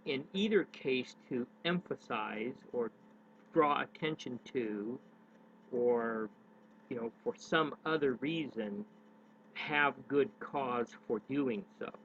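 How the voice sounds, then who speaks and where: A man's voice: medium pitch, slow pace, a bit bright. A man giving unscripted advice on public speaking in a daily vlog, rambling and correcting himself with many hesitations. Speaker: daily vlogger. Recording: tinny phone-like sound with faint noise.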